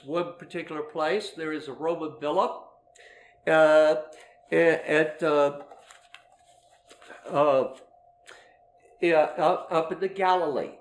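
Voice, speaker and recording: Man teaching scripture in an echoey room. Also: a little high. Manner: explanatory, many fillers and restarts, reads quotes aloud. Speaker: Bible teacher. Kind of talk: teaching a Bible lesson.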